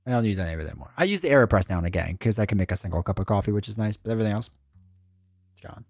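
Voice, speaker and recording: A man's voice: lowish voice, expressive, rapid-fire, darkish tone, dry recording, soft background music. A man streaming live, chatting casually and answering his chat in a rambling way.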